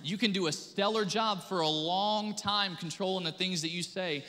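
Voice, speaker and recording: Man, pastor, animated sermon, high voice, long church reverb. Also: normal speed. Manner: animated preaching with acted-out quotes. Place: church sanctuary.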